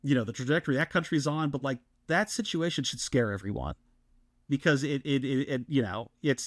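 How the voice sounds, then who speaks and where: Excited man on a podcast. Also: mid-range voice, moderate pace, dry recording. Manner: excited, animated storytelling with many restarts. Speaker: podcast co-host. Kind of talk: casual podcast chat.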